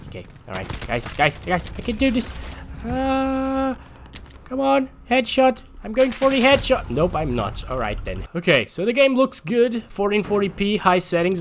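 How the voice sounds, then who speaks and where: A man giving live gameplay commentary as host of a gaming channel, excitable and swinging between muttering and frustrated shouts. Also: high-pitched, slight background noise.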